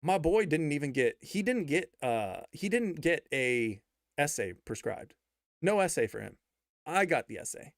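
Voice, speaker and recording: A man casually telling a story, slangy and full of fillers, getting loud and high with disbelief. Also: unhurried, dry recording, studio quality. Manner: animated, rising to high-pitched disbelief, laughs while telling; slangy, many fillers and repeats.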